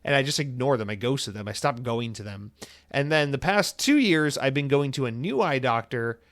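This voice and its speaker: A man's voice: medium pitch, expressive, normal speed, a bit bright. A man of about thirty hosting a solo podcast in a casual, rambling way. He swears freely and acts out the people he quotes. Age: 30s. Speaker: podcast host.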